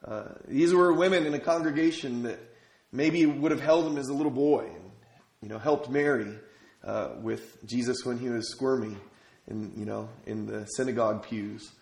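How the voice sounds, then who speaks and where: A man's voice: medium pitch, moderate pace, darkish tone. A man from Minnesota preaching a sermon as pastor, telling stories conversationally and asking the congregation rhetorical questions. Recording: echoey room.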